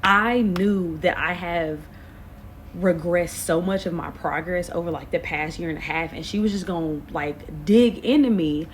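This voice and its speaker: A woman in her late twenties telling a storytime to camera, animated and expressive, full of slang. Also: on the low side, a little slow, slight background noise. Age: late 20s. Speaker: vlogger. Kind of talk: casual storytime.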